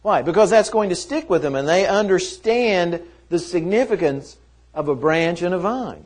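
A man's voice: high-pitched, animated, moderate pace. A man teaching a Bible lesson in a conversational way, often asking rhetorical questions.

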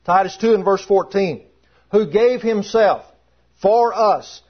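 High-voiced husky man preaching a sermon. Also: measured pace. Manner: emphatic, repeats key phrases. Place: church room with congregation. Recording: dull lo-fi sermon recording.

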